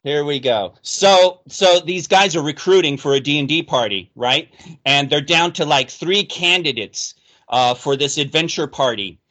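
Bright-voiced joking man host. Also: fairly high pitch, expressive, normal speed. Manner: joking, playful, acts out characters in jokes. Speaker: podcast host telling jokes. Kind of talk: casual group chat, telling jokes.

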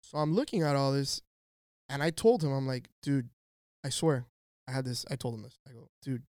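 A man of middle pitch spins a casual yarn on his podcast, full of slang and the odd curse. He livens the telling by acting out what other people said. The sound is close and dry, with no room around him. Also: brisk, no echo. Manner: animated, slangy, profane, acts out quoted voices. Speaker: podcast co-host. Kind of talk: casual storytelling chat.

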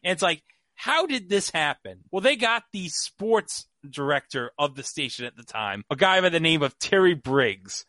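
A man's voice: a little high, very animated, moderate pace, sharp tone, no echo. A man hosting a podcast, telling a story in casual chat with lots of fillers. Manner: chatty storyteller, many fillers. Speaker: podcast host.

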